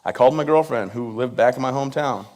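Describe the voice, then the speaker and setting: A man's voice: mid-range voice, quick pace, darkish tone. A man in his thirties, a veteran guest speaker, telling funny stories to an audience and laughing at his own jokes. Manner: addresses the crowd directly and energetically. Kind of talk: humorous storytelling speech to an audience.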